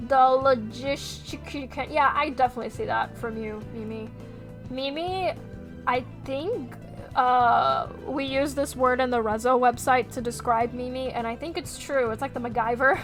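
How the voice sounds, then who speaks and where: High voiced girl chatting on her art stream, lively and sweary, faint music behind. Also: unhurried. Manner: chatty, animated, swears freely. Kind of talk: casual chat while drawing on stream.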